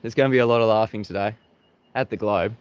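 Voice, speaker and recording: A man's voice: lowish voice, fast, clear, resonant tone, lo-fi sound. An Australian man hosting a livestream, greeting viewers and mocking his critics with frequent laughter. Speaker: livestream host. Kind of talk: live-stream monologue greeting viewers.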